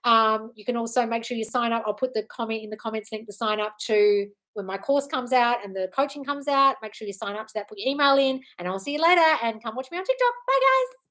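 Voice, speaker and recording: A woman's voice: on the high side, fast talker, hardly any pauses, fairly bright tone. An Australian woman hosting a live-stream Q&A, reading out comments and answering bluntly but affectionately, calling listeners darling. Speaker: manifestation coach.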